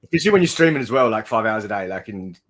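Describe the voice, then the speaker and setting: A man's voice: lowish voice, expressive, very fast, crowd noise. A man co-hosting a casual livestream in laid-back, agreeing banter. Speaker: livestream co-host.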